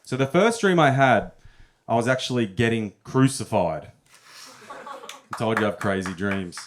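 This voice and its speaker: A man's voice: fairly low pitch, lively intonation, a little slow, slight background noise. A young man telling stories in a stand-up set at a comedy club, often chuckling at his own punchlines.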